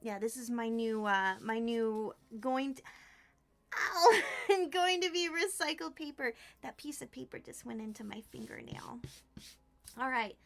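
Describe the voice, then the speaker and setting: A woman's voice: on the high side, moderate pace, vocal fry, fairly bright tone. A young woman streaming as she crafts, chatting to her viewers in a gushing, giggly way. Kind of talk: casual crafting livestream chat.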